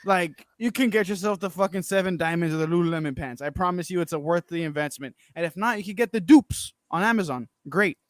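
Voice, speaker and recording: Male co-host, foul-mouthed, joking, slightly high pitch, dry studio mic. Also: a little fast, few pauses, no room sound. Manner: profane, blunt and joking. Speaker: podcast co-host. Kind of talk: casual chat.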